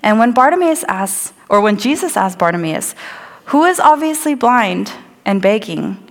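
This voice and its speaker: A woman's voice: medium pitch, very animated, normal speed. A woman preaches a sermon in a church, drawing listeners into the scene. She tells the story vividly and sometimes acts out what the crowd says. Her voice rings out with a long hall reverb. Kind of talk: sermon with scripture reading. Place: church sanctuary.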